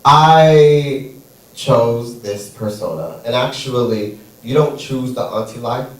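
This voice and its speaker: A man with a mid-range voice performs stand-up comedy on a theater stage, speaking slowly. He's sassy and playful, stretching out his punchlines, and the recording sounds echoey, with him far from the mic.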